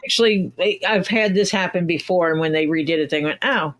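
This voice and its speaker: A woman's voice: on the low side, a little fast, a bit bright. A woman hosting a leatherworking livestream, chatting casually and rambling through stories with quoted back-and-forth. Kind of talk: casual chat.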